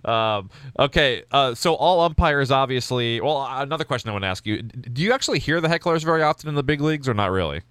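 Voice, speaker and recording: Male host, mid pitch, upbeat and chatty, resonant voice in a dry booth. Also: animated, fast, few pauses, a bit bright, clean tone, dry recording. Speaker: podcast host. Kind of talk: casual interview chat.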